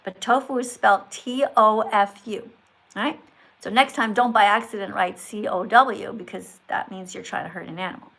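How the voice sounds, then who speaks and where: A woman's voice: mid-range voice, steady tone, normal speed, creaky, a bit bright. A woman hosting a live stream in a schoolteacher tone, correcting and praising viewers with emphatic delivery. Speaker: livestream host.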